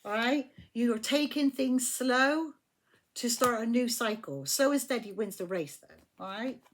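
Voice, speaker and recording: A woman's voice: on the high side, unhurried, a little hiss or hum. Chatty, foul-mouthed woman tarot reader. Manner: chatty, emphatic, swears freely. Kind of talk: casual tarot reading to camera. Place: her flat at home.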